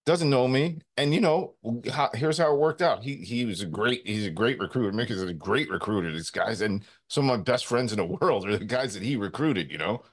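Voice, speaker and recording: A man in his thirties with a fairly low voice co-hosts a sports talk show. He rambles through his stories with lots of "like" and "you know". He keeps the pace of casual banter. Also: a little fast, few pauses. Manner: rambling, animated storytelling with many fillers. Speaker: sports radio co-host.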